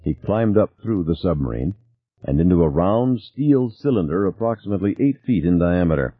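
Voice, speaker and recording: A man narrating an audiobook in an expressive, varied reading. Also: low-pitched, moderate pace, slightly rough, dry recording. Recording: tinny phone-like dry sound.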